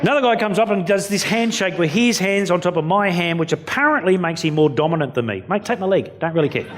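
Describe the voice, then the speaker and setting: A man's voice: high voice, expressive, quick pace, noisy background. Blunt Australian man telling stories. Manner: blunt, self-mocking, acts out quotes. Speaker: keynote speaker. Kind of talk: storytelling keynote speech. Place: conference venue before an audience.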